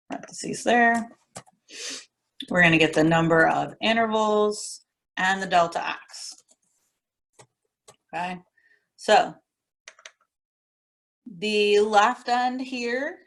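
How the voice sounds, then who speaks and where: A woman teaching a recorded class lesson, walking through formulas methodically and repeating the key steps in a casual instructor tone. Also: medium pitch. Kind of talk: recorded classroom lecture walkthrough.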